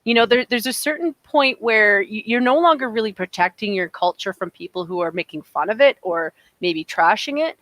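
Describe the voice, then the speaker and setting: A woman's voice: mid-range voice, animated, a little fast, hardly any pauses, fairly bright tone, no echo. A woman co-hosting a podcast, talking in an emphatic, opinionated way with frequent restarts. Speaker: podcast co-host. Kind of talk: casual opinionated chat.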